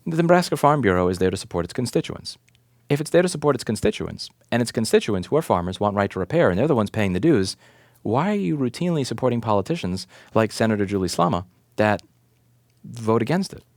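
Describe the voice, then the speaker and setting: Very animated and quick, with a fairly low, darkish voice, a repair shop owner and advocate in his thirties launches an indignant rant straight to camera. He shoots off rhetorical questions, swears to make his point, and keeps hammering the same lines. Studio-quality sound, no echo.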